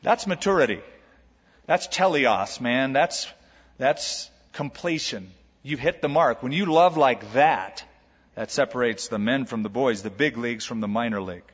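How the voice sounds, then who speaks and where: A man preaching a sermon to a congregation, animated, stretching out key words and putting rhetorical questions to the listeners. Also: mid-range voice, unhurried, breathy edge. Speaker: pastor. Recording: long hall reverb, dull lo-fi sound.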